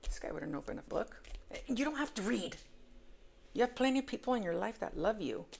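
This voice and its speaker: A woman reading tarot cards in a casual, emphatic monologue. She repeats words for stress and swings between hushed asides and loud exclamations. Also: a little high, animated, brisk, gravelly, slight background noise. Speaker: tarot reader.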